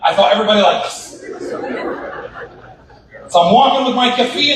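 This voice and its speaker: A man doing stand-up comedy in a large banquet hall, telling stories in an animated, punchy way with repeated asides. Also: sits high, moderate pace, a faint crowd. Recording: echoey banquet hall, distant mic.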